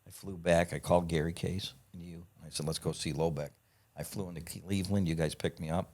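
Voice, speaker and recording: A man with a low, deep voice tells a rowdy story in a relaxed, casual way. His talk is full of profanity, and he acts out the lines of the people he quotes. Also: a little fast. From United States. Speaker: podcast guest.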